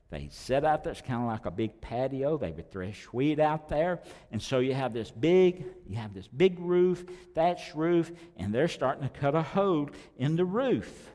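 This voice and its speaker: A pastor preaching a sermon, talking conversationally with sudden loud rises and quiet drops. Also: male voice, mid-range voice, long reverb tail.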